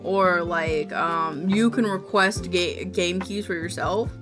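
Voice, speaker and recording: A woman's voice: lowish voice, slow. A woman streaming live, chatting casually and rambling while reading on-screen text aloud. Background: music playing.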